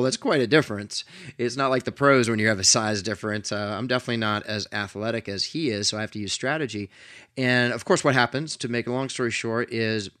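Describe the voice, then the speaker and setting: A middle-aged man hosting an interview and telling a story in an earnest, animated way, with frequent restarts. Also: fairly low pitch, no room sound, clean studio sound. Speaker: podcast host.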